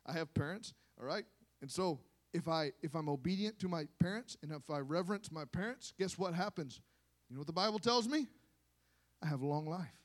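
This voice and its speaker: A man preaching a sermon to a congregation, moving from quiet asides to impassioned shouting and calling on the listeners to respond. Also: on the high side, lively intonation, fairly quick.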